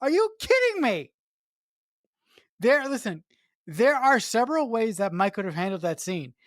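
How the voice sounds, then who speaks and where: A woman's voice: fairly high pitch, sing-song, moderate pace, no echo, studio quality. A woman co-hosting a podcast, talking about a film in casual chat, swearing emphatically and stumbling over restarts when worked up. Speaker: podcast co-host.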